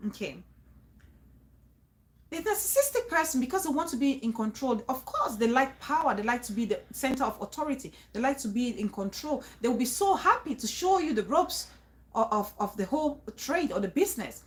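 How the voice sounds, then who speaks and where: A woman's voice: high voice, sing-song, a little fast. A woman talking to her viewers, emphatic and repetitive, often restarting phrases and urging them to trust her. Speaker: vlogger giving advice. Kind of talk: casual talk to viewers.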